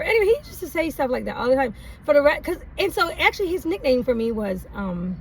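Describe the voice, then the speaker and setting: A woman's voice: high-pitched, big pitch swings, fast talker, hardly any pauses. A woman telling a personal story in a casual, rambling way, laughing often and using many fillers. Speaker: vlogger. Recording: distant mic, faint background noise.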